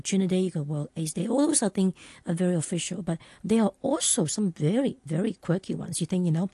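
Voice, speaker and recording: Woman, chatty and loose, slightly low, warm husky voice, dry close sound. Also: no echo. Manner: chatty, rambling, many fillers and restarts. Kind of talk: casual conversational chat.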